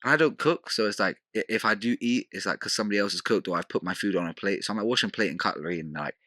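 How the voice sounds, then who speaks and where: A young man chatting casually as a podcast guest, telling lively stories and mimicking his housemates. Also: fairly low pitch, racing, no echo, clean studio sound. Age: young adult. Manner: animated storyteller, mimics housemates.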